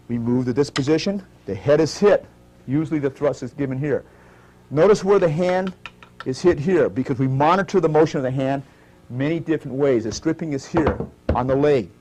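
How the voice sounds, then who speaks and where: A man instructing a martial arts demonstration, calm and methodical, calling out each move and repeating "notice" and "okay" as he walks through it slowly. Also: a little high, a little hiss or hum. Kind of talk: live demonstration teaching. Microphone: stage demonstration recording.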